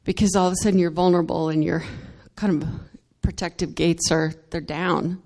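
A woman's voice: lowish voice, steady tone, normal speed, a little mellow. Earnest woman giving church testimony. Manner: earnest and emotional, laughing between phrases. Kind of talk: spoken testimony in worship.

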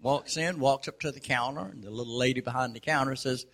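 Gravelly, husky man telling a folksy joke. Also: medium pitch, quick pace, hardly any pauses, fairly bright tone. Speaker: storyteller.

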